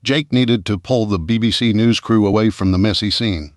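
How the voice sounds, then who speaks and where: A man narrating a disaster thriller audiobook in a steady, measured way. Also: fairly low pitch, dry recording, clean studio sound. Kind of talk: scripted narration.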